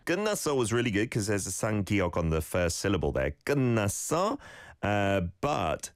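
A very deep-voiced male host leads a radio lesson from a studio. He talks in a lively, encouraging way and breaks down pronunciation syllable by syllable. The sound is dry and close. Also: fast, dry recording. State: slight cold, sneezing. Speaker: radio host and Korean language teacher. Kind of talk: radio lesson with listener clips.

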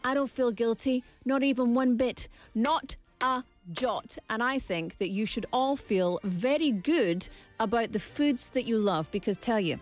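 A woman's voice: a little high, expressive, measured pace, soft background music. A young woman from Scotland hosting a casual vlog segment, playful and theatrical. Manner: playful, theatrical, shifts into silly voices. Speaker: vlogger.

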